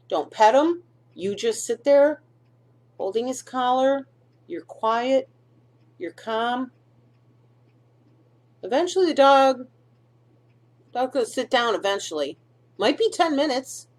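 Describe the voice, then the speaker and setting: A middle-aged woman hosting a dog-care video, talking casually through instructions and often checking in with "okay?" and "do you see?". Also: on the high side.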